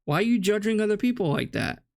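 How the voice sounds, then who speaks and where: A man's voice: high voice, sing-song, fast, gravelly, a little mellow. A man hosting a reaction video, talking back at a clip with mocking, combative sarcasm and plenty of swearing. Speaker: reaction channel host.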